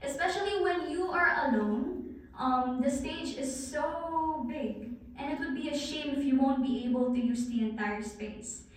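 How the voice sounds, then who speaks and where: A woman's voice: sits high, a little slow. A woman giving a guest talk on presentation skills, coaching the audience and speaking straight to them in a large hall. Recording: very echoey hall, far from the mic.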